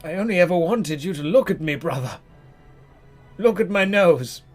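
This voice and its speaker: A man's voice: sits high, lively intonation, moderate pace, soft background music. A man voicing a faceless younger brother, eerie and pleading, in a strained, plaintive voice.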